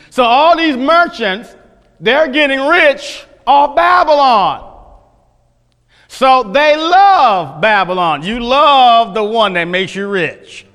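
A man's voice: extremely high pitch, sing-song, drawn-out words, long pauses, bright, forceful tone. A male pastor teaching a sermon from scripture, emphatic, repeating phrases and quizzing the congregation. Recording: long hall reverb.

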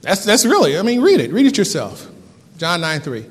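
Male pastor, high voice, fervent sermon delivery, reverberant hall. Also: huge pitch swings. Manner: fervent preaching with dramatic pauses and swings in loudness.

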